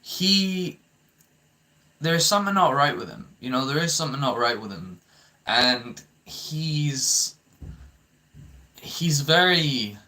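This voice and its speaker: Here a young vlogger delivers ranting commentary to camera, a little slow yet expressive, his mid-range voice sharp in tone. He swears a lot, gets heated, and stumbles into repeated stammering restarts.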